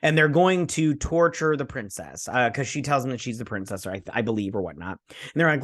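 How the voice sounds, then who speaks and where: A man's voice: medium pitch, expressive, moderate pace, a bit bright. A man hosting a casual show review, rambling through the plot and acting out characters in jokey put-on voices. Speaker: host. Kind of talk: casual episode recap and review.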